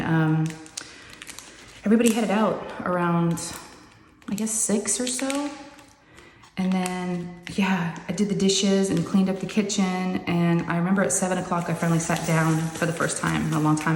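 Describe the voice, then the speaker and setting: A crafting-channel host, her voice on the low side, steady and a little mellow, rambles chattily at a moderate pace to her viewers, using y'all. She's upstairs in her craft room with the door shut, and the recording has long, echoey reverb and faint noise.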